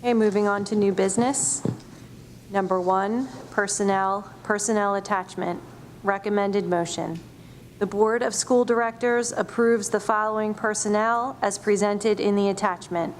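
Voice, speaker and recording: A woman's voice: mid-range voice, steady tone, a little hiss or hum. Woman chairing a board meeting. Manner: brisk, procedural. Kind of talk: reading a meeting agenda. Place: school board meeting room.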